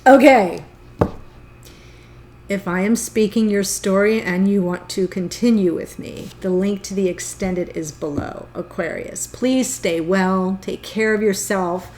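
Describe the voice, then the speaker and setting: A woman's voice: medium pitch, measured pace, darkish tone. A woman doing a tarot reading to camera, playful and chatty, often breaking into giggles. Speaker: tarot reader.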